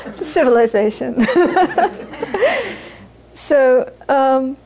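A woman's voice: high voice, steady tone, slow, warm tone, rough recording. A woman Buddhist teacher giving an informal, conversational dharma talk to an audience, repeating phrases for emphasis and often laughing.

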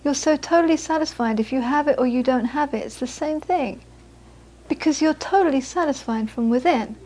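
A woman teaches as a Buddhist teacher, her voice bright and high. She tells anecdotes with animated quoted voices and drops to a soft, hushed tone for reflection. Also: a little fast. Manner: storytelling, animated when quoting, soft and hushed on inner peace. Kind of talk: dharma talk with anecdotes.

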